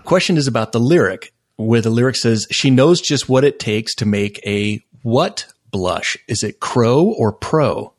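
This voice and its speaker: A man co-hosting a podcast, sharing music trivia in a relaxed, unhurried way with a few fillers. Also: medium pitch. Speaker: podcast co-host.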